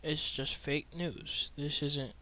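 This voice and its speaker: A young man reacting live to a football game he is watching, muttering and exasperated, with sudden loud outbursts. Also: a little high, steady tone, slow pace. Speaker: sports fan watching a game.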